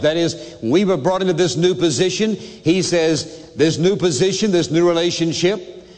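A man's voice: on the high side, big-room sound. An older man preaching a sermon as pastor, emphatic and asking his listeners questions.

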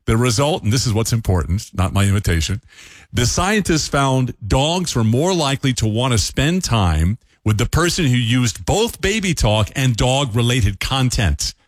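A man hosting a scripted radio feature segment, upbeat and animated with playful asides. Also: medium pitch, normal speed, no room sound, studio quality. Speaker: radio host.

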